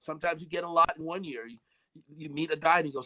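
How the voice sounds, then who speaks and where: Guest engineer, male, slightly high voice, swears a lot, lively storyteller, muffled call audio. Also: racing. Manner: animated storyteller, swears freely, acts out quotes. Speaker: recording engineer and producer guest. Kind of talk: casual video-call chat.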